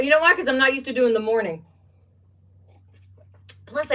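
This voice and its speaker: Livestream craft host, a woman with an animated, gushing delivery, miked from a short distance. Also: fairly high pitch. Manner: chatty, gushing, exclaims over each item. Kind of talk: casual livestream chat while unboxing craft supplies. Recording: voice somewhat distant from the mic.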